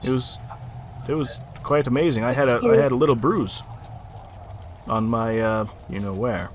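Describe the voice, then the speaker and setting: A man voicing a battered, sleazy male innkeeper in a tabletop game, speaking haltingly with many fillers. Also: medium pitch, animated, a little hiss or hum, natural voice.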